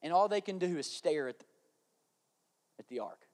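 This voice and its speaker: A man's voice: a little high, lively intonation, normal speed. A man preaching a sermon, acting out voices and repeating phrases for effect. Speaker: pastor. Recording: faint music behind.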